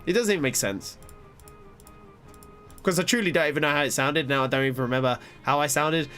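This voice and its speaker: A male gamer chats loosely while he plays, wandering from thought to thought and poking fun at himself. His voice sits a bit high for a man, with faint music playing underneath. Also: fairly quick, sharp tone. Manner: rambling, self-deprecating, laughs often. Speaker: streamer. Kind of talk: casual gaming commentary.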